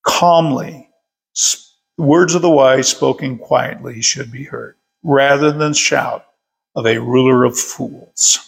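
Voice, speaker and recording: Gravelly older man leading folksy Bible study. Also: medium pitch, fairly even intonation, slow. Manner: folksy, storytelling, chuckles at his own stories. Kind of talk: casual Bible study talk. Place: workshop.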